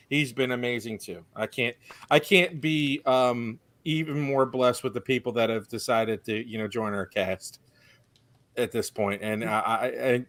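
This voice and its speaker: A man's voice: medium pitch, dry recording. A man, co-founder of an audio drama company, chatting animatedly on a podcast and often restarting his sentences. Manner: animated, stumbling restarts, excitable. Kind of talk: casual podcast chat.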